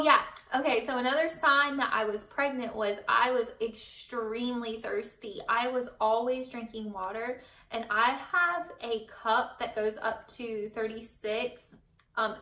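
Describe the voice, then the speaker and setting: A young mother talks to her viewers in a loose, rambling chat, full of fillers and little laughs. Her voice is fairly high and bright. It sits back from the mic in a room with a noticeable echo. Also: far from the mic. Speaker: vlogger, mother. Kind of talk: casual chat to camera.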